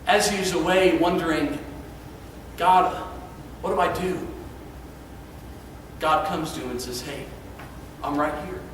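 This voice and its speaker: A man preaching an evening sermon, earnest and emphatic, dropping soft for quiet passages. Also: a little high, unhurried, long pauses, slight background noise. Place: church sanctuary. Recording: echoey church hall, far from mic.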